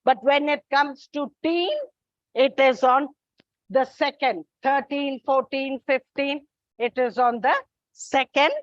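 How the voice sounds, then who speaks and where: A high-pitched woman teaches an English lesson at an unhurried pace, setting out her examples one after another and calling her students children. Her voice sounds close and dry, with a dull, lo-fi quality. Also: no echo. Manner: slow, deliberate, repeats and lists examples. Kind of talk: classroom lecture.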